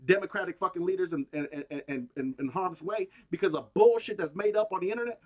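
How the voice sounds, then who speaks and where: A man's voice: high voice, fast talker, darkish tone. Swearing, slangy official losing patience , as a man puts him on. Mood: exasperated. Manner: profane, slangy, exasperated. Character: exasperated male officials grilling a tech boss.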